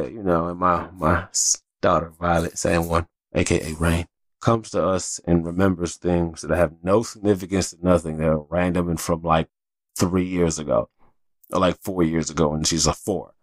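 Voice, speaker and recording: Gravelly low-voiced man rambling candidly. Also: no echo. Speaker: podcast host. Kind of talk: casual solo podcast chat.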